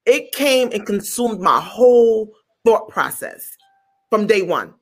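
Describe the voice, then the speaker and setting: A woman comedian telling a story in an interview, animated, acting out quotes and stumbling over repeated words. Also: mid-range voice, slow, husky. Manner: animated, acts out quotes in other voices.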